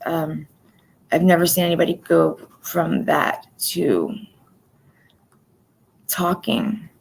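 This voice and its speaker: Woman, forties, deep voice, slow, halting, soft, near-whisper at times. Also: vocal fry, low-quality recording. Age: 40s. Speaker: livestream host. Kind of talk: personal livestream update.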